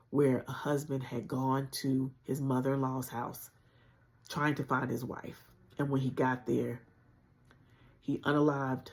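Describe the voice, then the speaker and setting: A woman telling a painful personal story on a livestream, speaking earnestly and conversationally with deep spiritual conviction. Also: gravelly, a little mellow. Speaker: channel host sharing a personal story.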